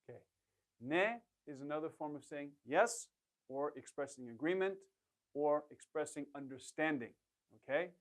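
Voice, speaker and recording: A man teaches a beginner Korean lesson in a somewhat high, expressive voice at a normal speed. With patience and encouragement, he runs drills, asks the listener to repeat each phrase, and praises every attempt.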